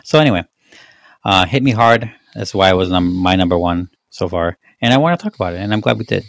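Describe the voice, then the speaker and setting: A man's voice: low voice, animated, fast, no echo. A man from Mexico with a slight Mexican accent, hosting a casual movie-review podcast and rambling with lots of fillers. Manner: rambling, many fillers and restarts. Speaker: podcast host.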